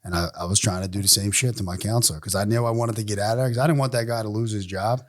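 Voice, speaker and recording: A man's voice: lowish voice, fairly even intonation, rapid-fire. Blunt, profane man telling his story. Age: 40s. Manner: acts out other people's lines in quoted voices. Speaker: podcast guest. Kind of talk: candid recovery storytelling.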